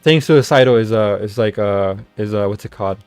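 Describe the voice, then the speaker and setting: A man's voice: lowish voice, a little fast, a little mellow, clear, resonant tone, no echo, faint music behind. A man ranting in casual chat, rambling with many stammered restarts and casual swearing. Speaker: streamer. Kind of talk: casual rant.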